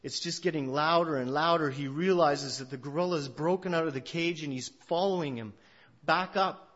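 A male pastor giving a sermon, telling a story in a conversational way that swings between loud and hushed. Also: fairly high pitch, moderate pace. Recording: dull lo-fi recording.

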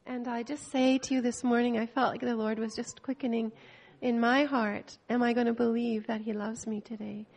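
Older woman from Canada, fairly high and gravelly, sharing a tender church testimony. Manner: emotional, personal, pausing and restarting. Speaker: missionary speaking to a church.

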